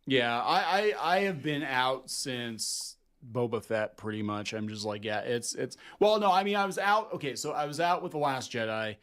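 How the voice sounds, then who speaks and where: Jaded man co-hosting, mid-pitched and dry. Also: lively intonation, moderate pace, few pauses, a bit bright. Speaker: co-host. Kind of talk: casual podcast chat.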